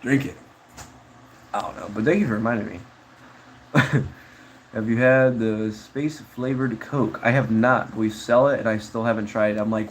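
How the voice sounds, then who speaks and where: A man's voice: on the low side, steady tone, moderate pace, pauses often, a little hiss or hum, poor audio. A man chatting casually on a livestream, reading chat in a rambling, slangy way with frequent laughs.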